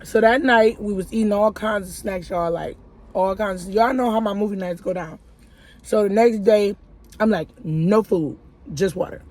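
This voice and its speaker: A woman's voice: medium pitch, normal speed, darkish tone. A woman giving a casual life-update vlog, telling a long story in a chatty way and speaking straight to her viewers. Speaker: YouTuber.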